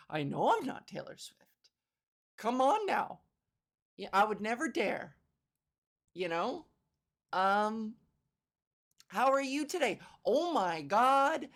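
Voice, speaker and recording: A woman's voice: medium pitch, vocal fry. A young woman hosting a solo comedy podcast, playful and rambling with mock-theatrical asides. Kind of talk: casual solo comedy monologue.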